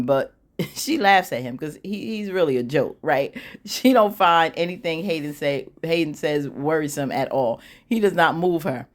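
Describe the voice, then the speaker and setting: A sassy woman host with a somewhat low voice, recapping a TV episode. She tells the story in a slangy, animated, casual way and laughs often.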